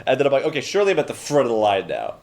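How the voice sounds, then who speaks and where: A young man from Canada telling a story on a casual podcast. He swears easily, and he jumps in and out of the voices of the people he quotes. His voice sits at an ordinary middle pitch for a man. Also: wildly swooping pitch, racing, darkish tone. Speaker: podcast co-host.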